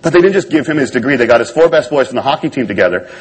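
A man with a slightly husky voice tells a personal story to an audience, speaking at a brisk clip. His delivery is wry and self-deprecating, the manner of a stage talk. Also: mid-range voice, expressive, poor audio.

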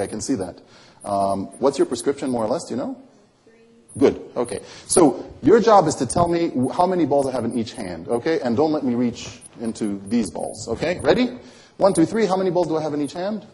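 A man's voice: mid-range voice, warm tone. A man performing close-up magic for a volunteer, with teasing, playful patter and constant coaxing questions. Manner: coaxing, asks many questions.

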